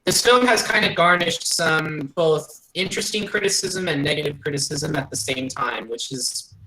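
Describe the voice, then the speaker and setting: Bright gravelly guy reading out movie info, slightly higher voice, trips over words. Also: normal speed, low-quality recording. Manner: reads film info aloud with stumbles. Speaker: co-host presenting films. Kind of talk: casual chat.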